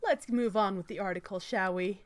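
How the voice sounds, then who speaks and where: A woman's voice: medium pitch, normal speed, dry recording. A woman reading an article aloud and commenting on it in a sarcastic, mock-innocent manner.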